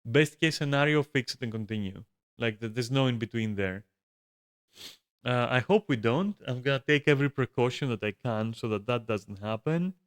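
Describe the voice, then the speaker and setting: A man's voice: mid-range voice, animated, normal speed, clear, resonant tone. Male streamer, casual rant from home, curses freely, stumbles and restarts, mid-range voice. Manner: swears a lot, frequent restarts and filler likes. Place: room at home.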